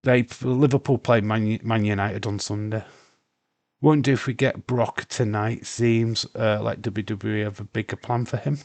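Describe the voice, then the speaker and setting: A man's voice: on the low side, steady tone, moderate pace, a little mellow, no echo. A man with a Yorkshire accent hosting a casual live watch-along stream, swearing freely, reading chat messages aloud and rambling with restarts. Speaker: livestream host.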